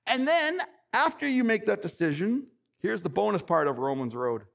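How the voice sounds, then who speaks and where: A male pastor delivering a sermon, reading scripture aloud and preaching with emphatic, excitable bursts. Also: sits high, normal speed, vocal fry. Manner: reads scripture passages aloud.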